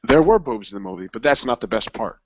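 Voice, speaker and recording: A man in casual movie chat, crude and joking, acting out scenes in quick voices. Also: medium pitch, animated, slight background noise. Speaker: co-host. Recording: dull lo-fi recording.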